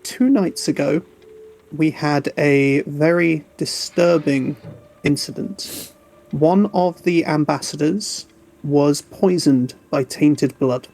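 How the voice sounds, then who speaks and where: A man doing a stern vampire prince, grave and businesslike. He speaks slowly and formally in a fairly high voice, laying out a briefing for his guests. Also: vocal fry, a little mellow, heavily acted, low-quality recording.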